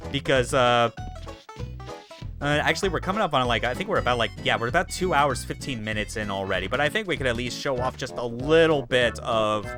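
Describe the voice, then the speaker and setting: A man's voice: medium pitch, animated, fairly quick, music in the background. A man streaming a video game, rambling casually with profane asides as he plays. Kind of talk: casual let's-play commentary.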